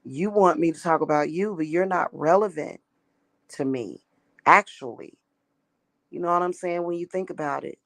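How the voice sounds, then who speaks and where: A woman's voice: on the low side, normal speed, dry recording. A woman talking casually in a vlog monologue, rambling and repeating herself with emphatic restarts. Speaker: spiritual practitioner.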